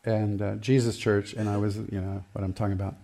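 A man's voice: on the low side, flat delivery, a little fast, gravelly, warm tone. A middle-aged male pastor preaching a sermon in a chatty, storytelling way, laughing often and acting out quotes.

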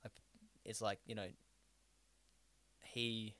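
A man's voice: fairly low pitch, flat delivery, takes it slowly, pushed and bright. An Australian man co-hosting a podcast in casual chat, rambling with lots of fillers and restarts and swearing freely. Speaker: podcast co-host.

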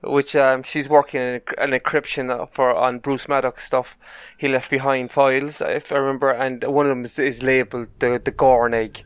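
An Irish man co-hosting a podcast and chatting casually about a TV episode, animated and often stumbling over his words. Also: mid-range voice, moderate pace, few pauses, smooth, dry recording. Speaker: podcast co-host. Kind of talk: casual chat recapping a TV episode.

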